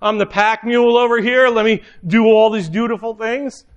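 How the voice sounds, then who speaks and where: An exasperated, overworked woman, as a man puts her on in a sermon complains indignantly about doing all the work. Her voice sits high and pushes a little louder than the speaker's usual talk. She sounds fed up and put-upon. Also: steady tone, normal speed, highs cut off, close to an everyday voice.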